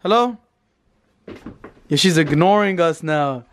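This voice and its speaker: A man's voice: on the high side, animated, slow. A young man in his twenties, playfully teasing kids while filming a casual prank vlog. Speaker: vlogger.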